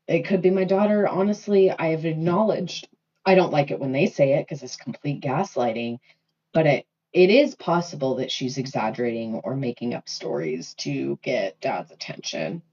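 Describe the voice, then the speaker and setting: A woman's voice: a bass voice, expressive, a little slow, darkish tone. A woman, a mother, venting on a casual livestream, heated and swearing, rambling with lots of fillers. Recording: dull lo-fi phone audio.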